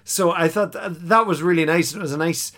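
A man casually recapping a TV episode on a podcast, animated and quick to act out the characters' lines. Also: fairly high pitch. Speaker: podcast co-host.

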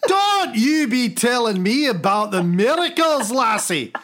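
A grumpy, ageless God with a broad Scottish accent, put on by a man. He scolds and swears as he brags, his voice pushed high and swinging up and down. He talks like a busy tradesman run off his feet. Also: very animated, unhurried, a bit bright, full character voice. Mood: blustering. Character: grumpy foul-mouthed ancient male God, overworked.

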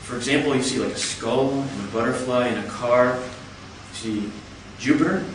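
A man giving a lecture, explaining step by step in a measured way. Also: medium pitch, a little hiss or hum. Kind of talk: explanatory talk. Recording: echoey hall, from far off.

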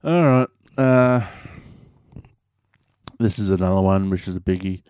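A man's voice: low voice, unhurried, darkish tone, clean tone, no echo, clean studio sound. A man with an Australian accent chatting casually to his audience, rambling and slangy with plenty of fillers. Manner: rambling, laid-back, slangy with many fillers. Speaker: vlogger. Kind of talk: casual chat to camera.

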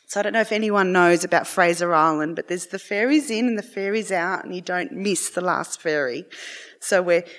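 A middle-aged woman telling a long personal story in a rambling, animated way, acting out the voices of her family. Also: on the low side, normal speed. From Australia.

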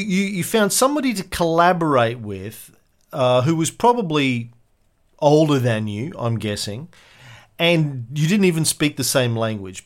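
Male podcast host, conversational storyteller, quick and loose delivery. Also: medium pitch. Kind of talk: casual podcast chat.

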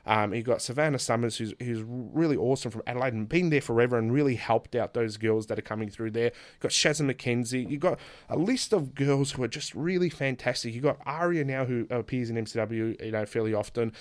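An Australian man in his thirties, a guest on a casual podcast, telling candid, animated stories, swearing and laughing often. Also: mid-range voice, a little fast, no room sound. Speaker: guest, pro wrestler.

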